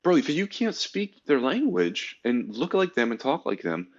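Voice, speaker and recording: A man's voice: mid-range voice, normal speed, highs cut off. A man on a podcast telling army stories in casual, profane bro-speak, acting out the voices of others. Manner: animated storytelling, acts out voices of others. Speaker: podcast co-host, army engineer veteran.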